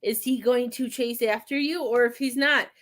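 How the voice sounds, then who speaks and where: A woman doing a psychic reading from home, with halting, repetitive speech that gives gentle advice. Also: fairly high pitch, steady tone. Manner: halting, repeats words, soothing advice. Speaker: psychic medium. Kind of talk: live-stream spirit reading.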